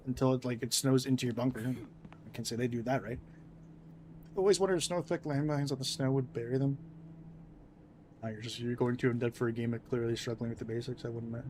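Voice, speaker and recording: A man's voice: mid-range voice, noisy background. Rambling young man streaming a game. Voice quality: rambling, chatty, swears casually. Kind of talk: casual gameplay commentary.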